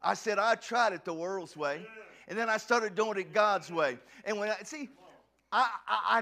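Preacher guy, high bright voice, gets loud and fired up, stammers a lot. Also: creaky. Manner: passionate, shouting preacher with stammered restarts. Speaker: pastor. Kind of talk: sermon.

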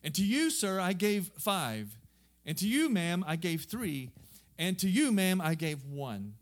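A man's voice: high voice, big pitch swings, a little slow. A man with a southern Missouri accent voicing a wealthy male landowner in a parable, questioning his servants in an earnest storytelling way.

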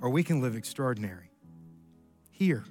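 A middle-aged man preaching a sermon in a church, an animated storyteller who jumps his pitch up for quoted lines. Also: normal speed, soft background music. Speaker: pastor. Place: church sanctuary.

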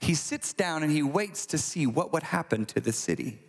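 A man preaching a sermon, retelling a scripture story in a conversational, animated way with acted asides. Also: a little high, moderate pace, vocal fry. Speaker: pastor. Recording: long hall reverb.

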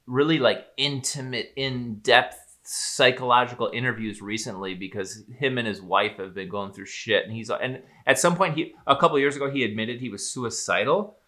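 Bright-toned man musing in casual chat. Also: medium pitch, moderate pace, hardly any pauses. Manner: conversational, musing, loose with filler words.

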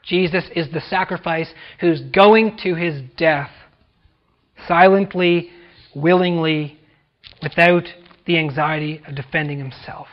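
A high-pitched American man delivers a sermon as pastor. He talks with dramatic emphasis and acts out the people he quotes. The recording sounds dull and lo-fi. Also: fairly even intonation, measured pace. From United States.

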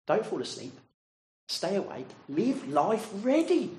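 Male preacher, earnest and questioning; lively delivery, roomy echo on the recording. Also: sits high, a little slow. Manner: earnest, direct questions to listeners. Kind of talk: sermon.

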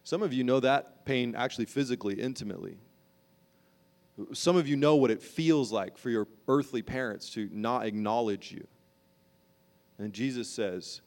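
A man preaching a sermon as a pastor, impassioned, moving between emphatic lines and hushed ones. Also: mid-range voice, normal speed.

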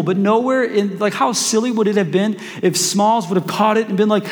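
A male pastor with a high voice delivers an animated, joking sermon. He calls out for the congregation to answer back. His voice rings through the long reverb of a church hall. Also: brisk. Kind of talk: preaching a sermon.

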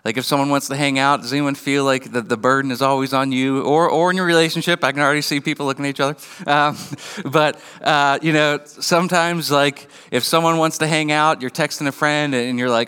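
A man's voice: on the high side, fairly even intonation, fairly quick, bright, forceful tone, smooth. A man in his thirties giving a conversational sermon as pastor, joking and acting out little everyday scenes. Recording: long hall reverb.

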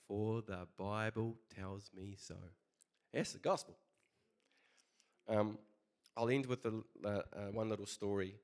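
A man preaching a casual sermon, chatty and conversational, telling a story with many fillers. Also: lowish voice.

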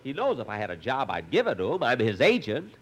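A man's voice: medium pitch, wildly swooping pitch, fast talker. A man hosting a 1950s radio comedy show, exasperated, with sudden outbursts. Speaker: comedy host. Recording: old radio broadcast with studio audience and hiss.

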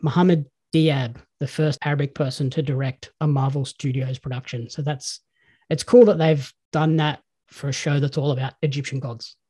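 A man's voice: mid-range voice, fairly even intonation, normal speed, dark tone, slightly rough. A man with an Australian accent hosting a podcast, chatting casually and telling stories with enthusiasm. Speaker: podcast host. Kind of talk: casual chat.

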